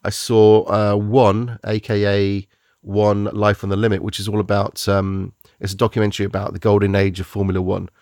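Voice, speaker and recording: A man's voice: on the low side, flat delivery, moderate pace, darkish tone, no room sound, studio quality. A man hosting a podcast, reviewing films in casual, rambling chat, often restarting and searching for words.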